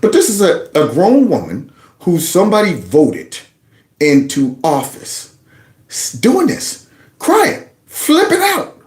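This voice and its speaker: A man giving political commentary over clips, his pitch leaping up and down as he mocks what he hears. He talks casually and sarcastically, in a room with a noticeable echo. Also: slow. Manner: animated, mocking, mimics others in exaggerated voices. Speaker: commentary channel host.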